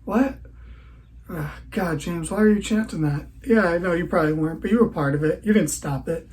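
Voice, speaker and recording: A man's voice: a little high, fast talker, darkish tone, a little hiss or hum, low-quality recording. A tired man hosting a podcast, giving a rambling, sarcastic recap of a wrestling show. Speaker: podcast host.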